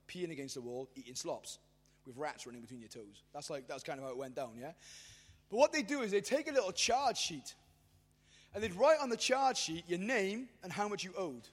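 A man preaching a sermon in casual slang, with self-mocking asides, building from easy storytelling to shouted fervor. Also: high voice. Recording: long hall reverb.

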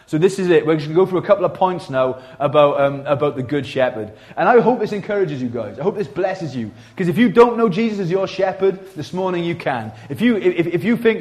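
A man's voice: on the high side, expressive, brisk, darkish tone. A man preaching a sermon in a church, speaking in a conversational way with many fillers and restarts. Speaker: pastor.

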